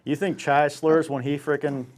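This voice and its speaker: A man's voice: on the high side, moderate pace. A young man telling a rowdy anecdote in casual chat, swearing constantly and acting out other people's lines. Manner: profane, animated, acts out voices in anecdotes. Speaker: podcast host. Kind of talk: casual storytelling.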